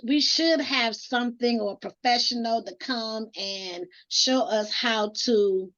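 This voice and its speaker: A high-pitched woman talks in a casual group chat on a dull, lo-fi recording. She sounds earnest, often stops to correct herself, and asks the others for honest feedback. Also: unhurried, a bit bright. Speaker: co-host. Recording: dull lo-fi audio.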